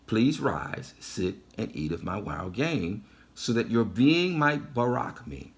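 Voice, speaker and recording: A man's voice: on the low side, very animated, slow. A man preaching, reading scripture aloud and breaking off to teach, repeating key phrases for emphasis.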